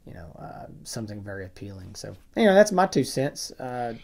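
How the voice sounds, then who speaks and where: A man co-hosting a review podcast in casual conversation, often dropping to quiet asides. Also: medium pitch, very animated, a little fast, vocal fry, crowd noise. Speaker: podcast co-host.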